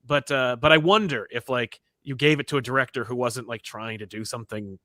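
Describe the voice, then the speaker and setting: Bright, animated man riffing on movies. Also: medium pitch, fairly quick, no room sound, studio quality. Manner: animated, riffs and mock-quotes people. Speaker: podcast co-host. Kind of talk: casual movie review chat.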